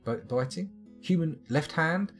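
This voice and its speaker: A British streamer, his voice fairly high and expressive at a measured pace, narrates combat logs from his game with wry, profane asides. Faint guitar music sits behind his live commentary.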